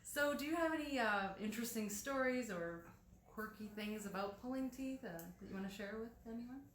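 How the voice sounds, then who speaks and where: A woman's voice: on the high side, lively intonation, moderate pace, a bit bright, slight background noise. Upbeat woman interviewer. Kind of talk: friendly interview hosting. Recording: echoey room with faint music.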